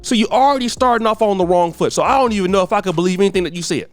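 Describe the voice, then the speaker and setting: A man's voice: high voice, rapid-fire, soft background music. A man hosting a celebrity gossip show, giving blunt, scolding commentary full of slang. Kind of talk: ranting commentary.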